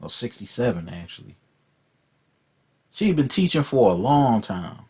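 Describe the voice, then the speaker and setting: Man, casual rant host, husky, animated pitch, profane and repetitive. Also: a little slow. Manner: profane, repeats words while telling a story. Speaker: vlog host.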